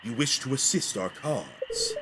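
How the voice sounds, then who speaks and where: A man voicing a stern male spirit guardian in a video game, speaking in a measured, solemn way. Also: mid-range voice, pitched below the performer's own voice. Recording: steady background noise.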